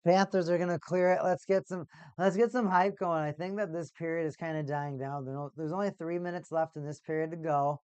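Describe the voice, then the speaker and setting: Chill streamer doing hockey play-by-play, super clear voice, mid pitch, gets hyped and shouty when stuff happens. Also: brisk, hardly any pauses, no echo, dull audio. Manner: excitable, rises to shouts at big plays. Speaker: watch party streamer. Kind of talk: casual play-by-play commentary.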